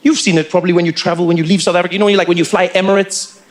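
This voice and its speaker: A man doing stand-up comedy storytelling, animated and playful, slipping into quick impressions. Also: high-pitched.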